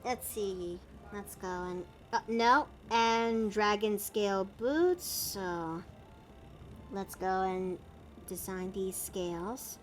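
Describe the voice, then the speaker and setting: A woman's voice: mid-range voice, takes it slowly, slight background noise. A woman chatting casually while drawing on her art stream, narrating her steps in a playful way.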